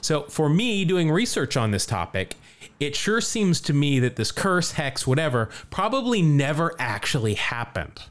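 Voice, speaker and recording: Jokey, lively-voiced man telling a story. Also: a little high, normal speed. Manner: jokey, chatty, laughs often. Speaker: podcast host. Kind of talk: casual podcast storytelling.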